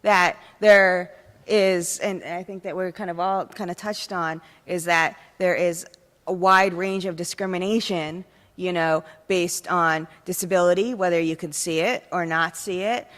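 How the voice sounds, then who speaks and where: A woman's voice: on the low side, fairly even intonation, unhurried, fairly bright tone. Rambling woman panelist in a hall. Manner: casual, rambling, filler-heavy. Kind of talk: panel discussion. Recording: long hall reverb.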